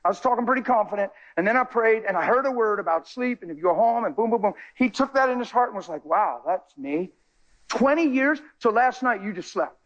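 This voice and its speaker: A male preacher telling a story in a sermon, excitable, jumping between loud high bursts and low quiet asides. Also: fast, few pauses, dull audio. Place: church.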